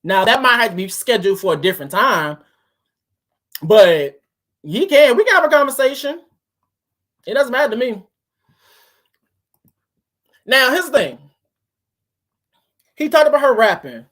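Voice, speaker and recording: A woman's voice: a little high, lively intonation, unhurried, pauses often, fairly bright tone. A woman reacting to a podcast clip, closely picking apart the tone and wording of what was said. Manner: analytical, picks apart tone and wording. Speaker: reaction commentator. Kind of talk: reaction commentary.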